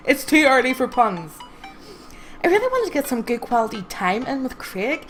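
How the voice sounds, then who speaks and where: Young woman streamer, higher voice, sardonic, swears a lot while reading the game. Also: sing-song, moderate pace, a bit bright, faint music behind. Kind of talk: live gameplay commentary and reading game dialogue.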